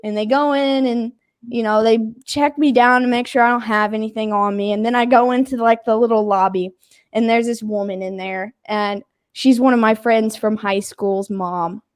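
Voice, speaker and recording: A woman's voice: on the high side, moderate pace, smooth, no echo, studio quality. A young adult woman casually telling a story, acting out what people said, laughing and swearing as she goes. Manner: animated, acts out quotes, laughs, swears casually.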